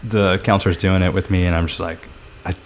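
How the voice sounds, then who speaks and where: Low-voiced man, reflective and rambling. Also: fairly even intonation, brisk, slight background noise. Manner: reflective, talks in long rambling runs with many fillers. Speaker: guest. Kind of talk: casual podcast chat.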